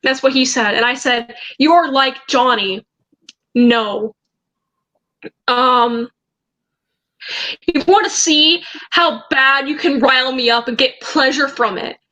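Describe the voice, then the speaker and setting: A young woman vlogger telling a story in a casual way, reading out chat messages and often pausing to hesitate and restart. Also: sits high, bright, forceful tone, low-quality recording. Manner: hesitant, halting, with many ums and restarts.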